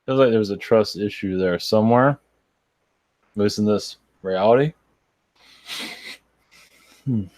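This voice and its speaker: Low-voiced, tired, halting man channeling. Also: darkish tone, no echo. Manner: rambling, halting, with many restarts and fillers. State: tired, yawning. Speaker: spiritual channeler. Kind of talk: live chat answering viewer questions.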